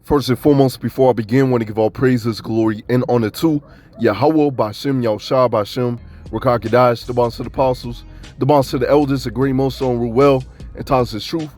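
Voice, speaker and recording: Brief: man from Kentucky, relaxed preaching voice, chatty and laughing, soft music under him. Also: mid-range voice, a little fast. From Kentucky, USA. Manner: loose, conversational, laughing asides, repeats "man". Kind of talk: casual street-style sermon.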